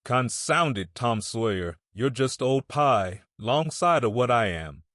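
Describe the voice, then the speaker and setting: A man's voice: medium pitch, animated, slow pace, fairly bright tone, no room sound, studio quality. A man voicing a superstitious country boy who speaks in thick rustic dialect in a storybook reading. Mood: rueful.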